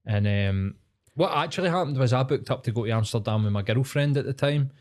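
A Scottish man with a Glaswegian accent, talking on a podcast in loose, sweary chat. He rattles through stories and jumps into quick voices for the people in them. His pitch sits in the middle for a man. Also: expressive, darkish tone. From Scotland. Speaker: podcast co-host. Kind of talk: casual chat.

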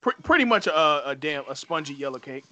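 A man's voice: a little high, sing-song, fairly quick, sharp tone. Talkative man leading a casual group chat. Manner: rambling, trails off into fillers. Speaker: host of a food debate.

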